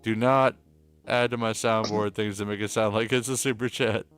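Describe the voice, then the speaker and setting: A man's voice: on the low side, fairly even intonation, normal speed, fairly bright tone, clean tone, soft background music. A man hosting a casual joking podcast, stammering and flustered as he talks. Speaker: podcast host.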